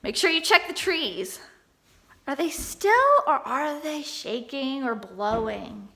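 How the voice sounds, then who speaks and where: Woman teacher, young children's online lesson; high, very animated, encouraging. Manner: encouraging, sounds words out slowly.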